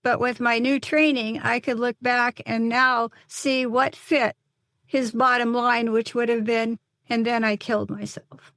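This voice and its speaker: An older woman speaks in a slightly high voice, earnest and halting, often restarting her sentences as she recounts a painful story. The recording is dry and close, with no room sound around her. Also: flat delivery, fairly bright tone, no room sound. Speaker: guest, psychotherapist and mother. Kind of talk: emotional personal storytelling in an interview.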